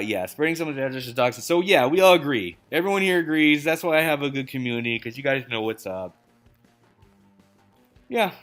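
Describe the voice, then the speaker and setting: A man live-streaming a game, chatting casually, laughing often, swearing and shouting at tough jumps. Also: medium pitch, echoey room. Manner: swears a lot, laughs often, loud outbursts while playing. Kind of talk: casual gaming stream chat.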